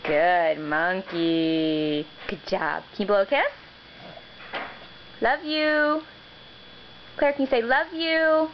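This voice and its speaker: A woman coaxing a toddler in a slow, sing-song, encouraging way, recorded on a muffled home video with background noise. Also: mid-range voice.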